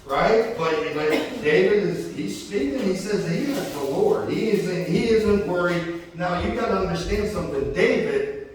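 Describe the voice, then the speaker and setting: Man preaching, folksy and chatty, slightly high voice, big echo, distant mic, faint ambience. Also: animated, a little slow. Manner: folksy, conversational, keeps asking "right?" and "okay?". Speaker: pastor. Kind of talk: sermon. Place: church sanctuary. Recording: echoey church hall from far off.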